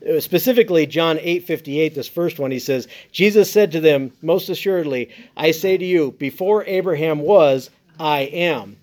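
Guy talking bible stuff, kinda higher voice, lots of uh and restarts, earnest. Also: normal speed, few pauses, a little mellow. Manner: earnest, many fillers and restarts. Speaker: Bible commentary author. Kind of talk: casual teaching talk.

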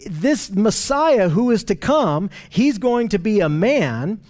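High-voiced man preaching a sermon. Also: very animated, a little mellow. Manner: earnest teaching tone, slows to stress scripture.

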